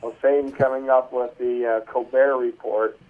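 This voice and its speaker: A man's voice: medium pitch, level tone, unhurried. A man who is a guest and pig farmer, telling stories in a rambling, salty, folksy way during a casual phone interview. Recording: tinny phone line.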